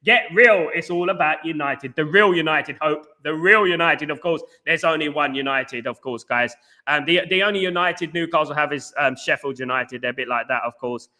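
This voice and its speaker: Guy on a football fan livestream, high bright voice, rattling off chat shoutouts nonstop. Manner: rapid, animated, reads out chat messages with banter. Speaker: fan channel host reading live chat. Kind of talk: fast casual live-stream chat.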